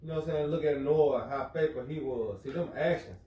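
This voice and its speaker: A man's voice: on the high side, brisk, warm tone, roomy sound, recorded from a distance, poor audio. A man teaching in an informal religious lesson, casual, who keeps asking listeners if they follow him. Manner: casual, keeps asking "you know what I'm saying?".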